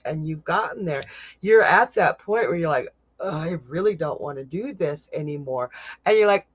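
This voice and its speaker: A man's voice: sits high, fairly bright tone, dry recording, highs cut off. A man hosting a live stream as a psychic, giving casual tarot readings to viewers in a chatty way and laughing often.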